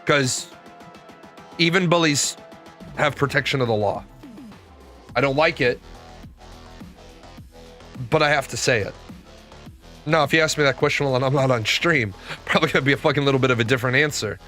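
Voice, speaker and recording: A man in his forties, a streamer, telling stories in a profane, animated rant. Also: mid-range voice, moderate pace, pauses often, faint music behind. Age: 40s. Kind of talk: ranting casual talk.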